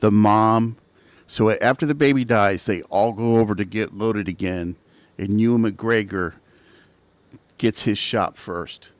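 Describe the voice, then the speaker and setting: A man's voice: fairly low pitch, unhurried, dry recording. A man co-hosting a casual podcast, chiming in with short remarks and stories. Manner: short dry interjections. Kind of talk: casual chat.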